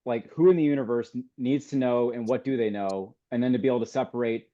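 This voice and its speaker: Man as strategist guest, mellow voice, dull remote audio. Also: mid-range voice, fast. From Wisconsin. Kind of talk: casual conversation.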